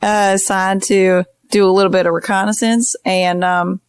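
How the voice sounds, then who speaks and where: A woman's voice: mid-range voice, little pitch movement, moderate pace, smooth, dry recording. Hesitant woman playing a ship captain. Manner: hesitant, apologetic, lots of fillers. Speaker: player. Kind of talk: in-character tabletop play.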